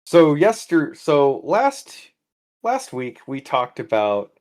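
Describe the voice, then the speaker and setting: His voice is a little high and a little mellow, slow, with huge swings in pitch. He co-hosts a loose comedy podcast, telling a rambling story in casual chat and switching into character voices for the quoted lines.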